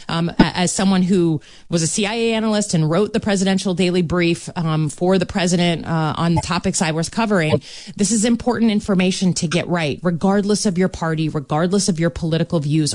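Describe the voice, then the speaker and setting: A woman senator answering interview questions in a measured, earnest way, often pausing with ums. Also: fairly low pitch, darkish tone, no echo. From Michigan. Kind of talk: political interview.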